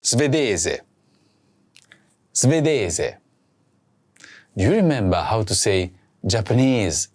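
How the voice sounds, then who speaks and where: Man, language teacher, slow deliberate drills, lively rising and falling pitch. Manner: clear, deliberate, says each word twice. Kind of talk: slow scripted lesson with repeat-after-me drills.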